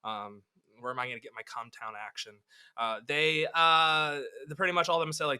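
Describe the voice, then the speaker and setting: A man's voice: on the high side, steady tone, normal speed, pushed and bright, clear, resonant tone. A man in his twenties co-hosting a casual sports podcast, rambling and cursing, often breaking off mid-sentence. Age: 20s. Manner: rambling, profane, self-interrupting. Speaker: podcast co-host.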